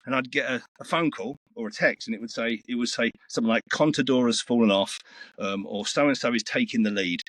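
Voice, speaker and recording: A man in his sixties with a deep voice, a voice-over actor chatting casually in an interview, relaxed and rambling with many fillers. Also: a little fast, no echo. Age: 60s. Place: small home recording booth. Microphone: headset.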